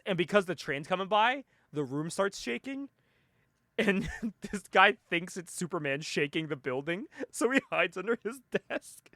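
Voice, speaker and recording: A man chatting on a comic book podcast, laughing often and acting out characters in quick voices. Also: high voice, sing-song, a bit bright, no room sound, clean studio sound. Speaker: podcast co-host.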